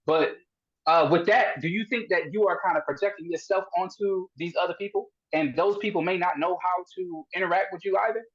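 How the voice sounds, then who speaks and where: Podcast host guy, rambling deep questions, kinda dull muffled sound. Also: brisk, a bit bright, husky. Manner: probing, rambling questions with many restarts. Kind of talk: casual philosophical chat.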